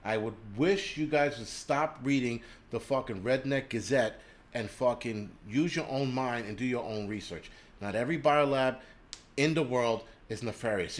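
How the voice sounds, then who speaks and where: A man hosting a livestream, ranting angrily and profanely, stopping to read out viewer comments and donations. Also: medium pitch. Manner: reads viewer names and donations aloud. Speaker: livestream host.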